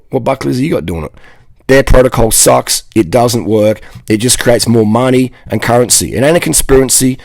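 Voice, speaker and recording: Gravelly, blunt man ranting. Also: mid-range voice, no echo. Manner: rambling, blunt, profane, self-correcting. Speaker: vlogger. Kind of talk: casual rant to camera.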